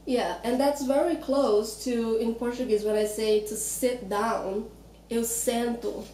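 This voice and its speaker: A woman with a Brazilian accent explains pronunciation patiently, sounding out each word slowly. Her voice is slightly high and mellow. She sits back from the microphone in an echoey room with faint background hiss. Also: fairly even intonation, recorded from a distance. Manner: patient, demonstrates words slowly. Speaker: Portuguese teacher.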